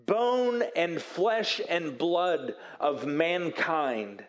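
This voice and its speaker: A man preaching a sermon in an earnest, emphatic way with dramatic pauses, dropping to a soft voice when he acts out quoted apologies. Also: fairly high pitch, expressive. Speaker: pastor.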